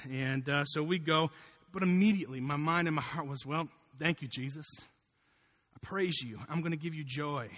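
A pastor delivers a sermon full of personal stories, acting out what people said. His voice sits high and sounds bright and forceful. The room has a long, ringing reverb. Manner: animated storytelling, acting out quotes.

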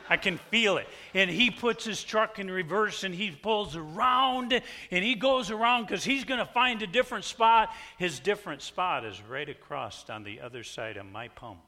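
A male pastor telling a story in a sermon, animated, swinging from hushed asides to shouts. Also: high-pitched, moderate pace, few pauses.

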